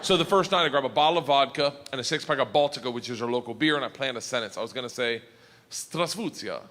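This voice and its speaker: A man doing stand-up comedy, telling a story loudly with laughs and shouted punchlines on a theater stage. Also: medium pitch, very fast, in a large hall.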